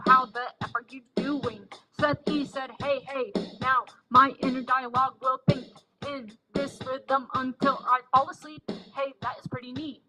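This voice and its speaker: A woman with a high voice hosts a casual live stream, reading out viewer comments and chatting back at them. Her pitch stays fairly level, with clear music playing behind her. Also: fairly bright tone, low-quality recording. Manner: reads viewer comments aloud and answers them.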